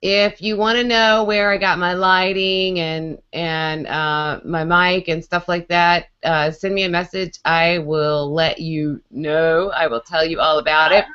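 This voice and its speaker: A woman's voice: lowish voice, steady tone, a little slow, hardly any pauses, fairly bright tone, clear, resonant tone. A woman co-hosting a casual video-call chat, talkative and playful, laughing often. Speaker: co-host. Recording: muffled lo-fi video-call audio.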